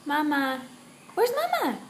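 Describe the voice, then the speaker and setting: A young woman at home, a mother coaxing her toddler to talk in slow, sing-song baby talk with soft laughs. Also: sits high, huge pitch swings, a little hiss or hum.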